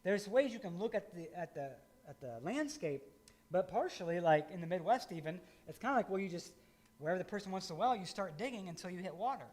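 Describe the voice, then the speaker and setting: A middle-aged man from rural Indiana preaches in a relaxed, conversational way, full of folksy asides. His voice sits notably high for a man. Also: fast. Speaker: pastor. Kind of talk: sermon.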